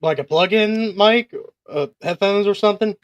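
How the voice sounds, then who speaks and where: A man's voice: sits high, normal speed, highs cut off, slight background noise. A man hosting a casual wrestling podcast, teasing his co-hosts and moving through the matches. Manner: laughing, teasing, runs the segments. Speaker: podcast host. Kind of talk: casual chat.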